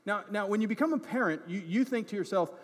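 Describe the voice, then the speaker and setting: A man's voice: high voice, fast talker. A male pastor preaching a conversational sermon with a personal story. He keeps checking in with the congregation and pokes fun at himself. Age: adult parent. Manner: conversational, often checking in with "right?" and "okay?"; self-deprecating, grows animated in funny moments. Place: church sanctuary. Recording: church hall reverb.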